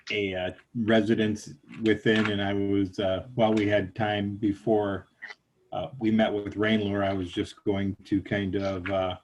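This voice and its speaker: A man playing in a tabletop game, speaking hesitantly with halting fillers. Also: lowish voice, slight background noise. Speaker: player. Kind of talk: tabletop game role-play.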